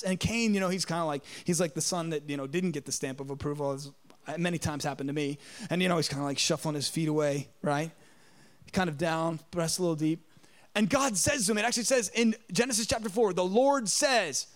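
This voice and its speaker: A man in his thirties preaching a sermon, telling a story in an animated way and acting out the voices in it. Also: high voice, fairly quick. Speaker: pastor.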